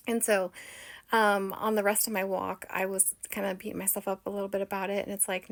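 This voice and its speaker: A woman's voice: mid-range voice, little pitch movement, brisk. A woman vlogger telling a personal spiritual story in a chatty, earnest and heartfelt way.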